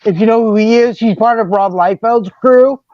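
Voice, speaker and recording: Man, high voice, slangy animated storyteller, dry muffled sound. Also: normal speed, no room sound. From Seattle. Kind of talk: casual chat. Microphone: video call.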